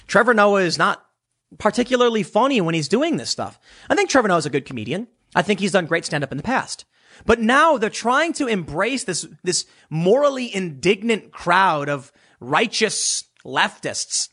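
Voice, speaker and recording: A man's voice: high voice, very animated, a little fast, fairly bright tone, husky. A man delivering an opinionated commentary monologue, sarcastic and mocking, slipping into impressions of others. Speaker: political commentator.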